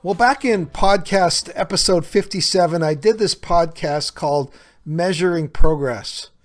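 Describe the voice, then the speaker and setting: A man's voice: sits high, measured pace, faint music behind. A man hosting a podcast, talking earnestly and conversationally with frequent small fillers. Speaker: podcast host. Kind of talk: reflective solo podcast talk.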